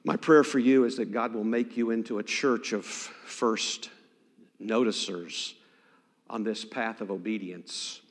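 A man preaching a sermon as pastor, swinging dramatically between loud emphasis and hushed near-whispers. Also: fairly low pitch, fairly even intonation, a little slow. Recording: long hall reverb.

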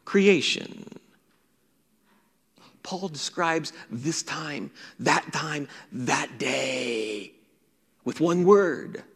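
A man preaching a sermon as pastor, swinging between raised emphatic lines and hushed near-whispers. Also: medium pitch, lively intonation, a little slow. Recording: long reverb.

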